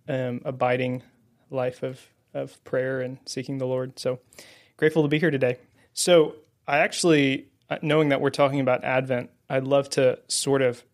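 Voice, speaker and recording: A man co-hosting a faith podcast in casual conversation, friendly and self-deprecating, with many fillers, close to the mic. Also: medium pitch. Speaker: guest co-host. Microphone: held close to the mouth.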